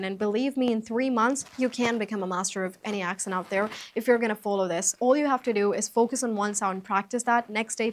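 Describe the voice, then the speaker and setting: A young woman giving a casual video lesson as an accent coach, speaking in an upbeat, direct way to her viewers. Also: fairly high pitch.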